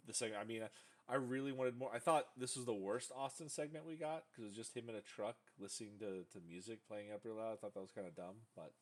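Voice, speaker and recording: A man's voice: lowish voice, fast talker. A man hosting a casual podcast, bantering loosely with jokes, swearing and mocking impressions. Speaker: podcast host.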